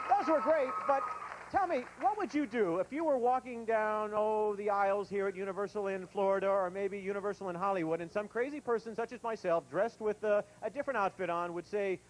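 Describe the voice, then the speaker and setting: A man's voice: high-pitched, slight background noise, low-quality recording. Upbeat game show host man. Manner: upbeat, playful audience banter. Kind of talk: kids' TV game show hosting. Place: TV studio with live audience.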